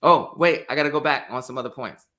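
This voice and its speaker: A man's voice: medium pitch, fast talker, bright, forceful tone. A man co-hosting a podcast, arguing his reading of a TV episode in casual chat. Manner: argumentative, presses his point. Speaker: podcast co-host.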